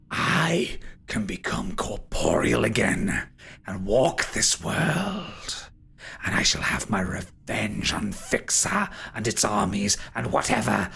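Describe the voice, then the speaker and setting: Whispered role-play of an ancient ghost bent on revenge, as a man puts him on. The voice is a husky, gravelly hiss that stretches its words slowly and swings up and down in pitch with menace. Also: pushed and bright, full character voice. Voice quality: hissing whisper. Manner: menacing, slow and drawn-out. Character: ancient vengeful trapped ghost, male, soul-hungry.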